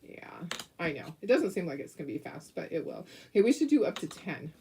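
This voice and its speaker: A woman's voice: on the low side, big pitch swings, brisk, warm tone, slight background noise. A middle-aged woman hosting a casual craft tutorial at home, chatty and giggly, often restarting her sentences. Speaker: craft host.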